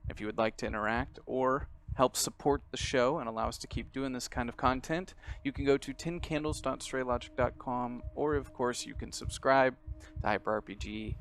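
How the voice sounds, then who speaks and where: A man who is the game master, narrating a tabletop horror game in a measured, descriptive way. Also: mid-range voice, fairly bright tone.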